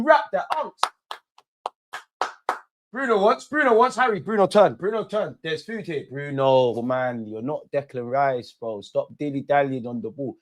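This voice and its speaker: A young man doing a live football watch-along, shouting at players and the referee in slangy banter. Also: a little high, animated, fairly quick, a little hiss or hum.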